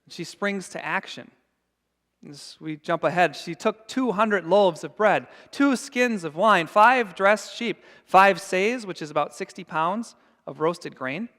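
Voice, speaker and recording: A man's voice: high voice, expressive, unhurried, sharp tone, big-room sound. A man preaching a sermon as pastor, earnest and emphatic. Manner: earnest and emphatic, acting out scenes. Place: church sanctuary.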